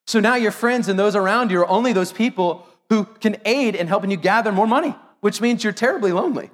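A middle-aged man, a pastor, preaching an animated sermon with joking asides to the congregation. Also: high voice, fast talker. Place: church sanctuary. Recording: long hall reverb.

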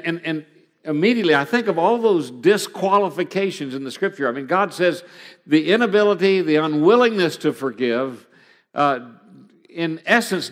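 Middle-aged guy preaching, earnest and personal, gets emphatic at points, echoey church hall. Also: mid-range voice. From Oklahoma, USA. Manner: earnest storytelling, rising to emphatic passages. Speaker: pastor. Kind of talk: sermon. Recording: long hall reverb.

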